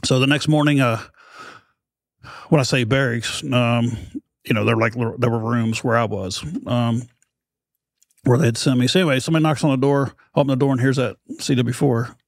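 A man's voice: mid-range voice, fairly even intonation, normal speed, no echo, studio quality. A middle-aged American man, a podcast host being interviewed, telling a rambling, self-deprecating story and acting out the voices of others. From United States.

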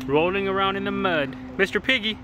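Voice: medium pitch, a little fast. A parent casually narrating a family vlog outdoors, playfully encouraging a child and talking to viewers. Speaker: parent vlogging a family outing. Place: outdoor zoo. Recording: outdoor recording with crowd noise. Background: crowd of visitors.

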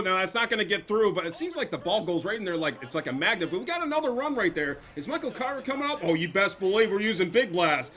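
A young man giving casual, excitable gameplay commentary, cursing and trash-talking the opponents. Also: high voice, slight background noise. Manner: excitable, profane trash talk. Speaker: gameplay streamer.

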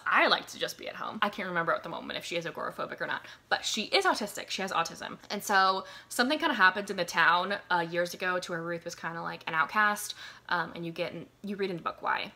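A woman of twenty-two recommending books in a rambling casual chat, full of "like" and "um" and quick laughs. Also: lowish voice, bright, forceful tone. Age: 22, college student. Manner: rambling, lots of "like" and "um", frequent laughs. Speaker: book reviewer. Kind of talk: casual chatty book recommendations.

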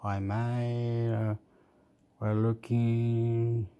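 A man who lives in Australia casually reviewing a phone, rambling and thinking aloud with many pauses. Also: mid-range voice, flat delivery, mellow, smooth, lo-fi sound. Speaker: vlogger.

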